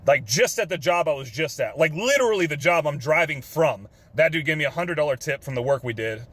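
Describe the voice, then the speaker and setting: A man's voice: a little high, lively intonation, a little fast, fairly bright tone. A young man from Texas with a drawl, earnestly telling an emotional story in his car, swearing casually with lots of fillers. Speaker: vlogger. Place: parked car.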